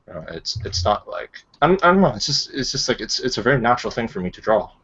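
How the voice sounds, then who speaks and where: A man streaming and chatting casually, telling stories in a rambling, deadpan way with lots of fillers. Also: medium pitch, quick pace, slightly rough, dull audio. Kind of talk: casual live-stream chat.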